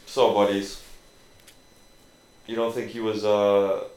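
A man's voice: lowish voice, little pitch movement, takes it slowly, a little mellow, echoey room, a little hiss or hum. A man hosting a casual podcast, joking and rambling with plenty of fillers. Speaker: podcast host. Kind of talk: casual crude banter.

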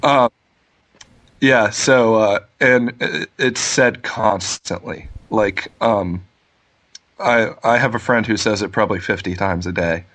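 A man's voice: on the low side, slow, a bit bright. A man calling in over a video call as a guest, chatting casually and telling stories with dry, joking humor. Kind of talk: casual chat.

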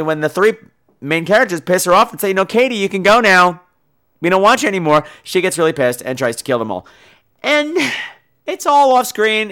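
Animated, high-voiced profane male reviewer. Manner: animated, sarcastic, acts out characters. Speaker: podcast host. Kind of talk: profane movie review rant.

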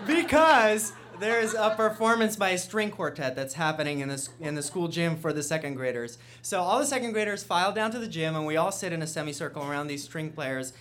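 Animated male storyteller on a stage. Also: fairly high pitch, fairly quick, hardly any pauses, slight background noise. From Russia. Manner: animated, self-mocking, builds to loud punchlines. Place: theater stage before an audience.

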